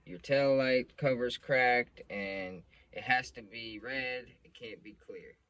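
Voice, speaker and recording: A man's voice: medium pitch, takes it slowly, a bit bright. A man voicing an aggressive, foul-mouthed male police officer who barks threats. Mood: hostile. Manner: barking, profane, threatening.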